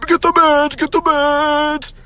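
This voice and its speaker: A man voicing an overreacting older doctor in a frantic, high-pitched yelp. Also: little pitch movement, takes it slowly, sharp tone, heavily acted. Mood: hysterical.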